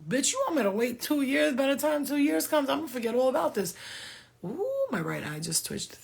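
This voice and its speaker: A woman's voice: sits high, animated, a little fast, vocal fry. A woman giving a spiritual reading in a casual, blunt and profane way, laughing often as she talks. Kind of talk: casual spiritual channeling talk.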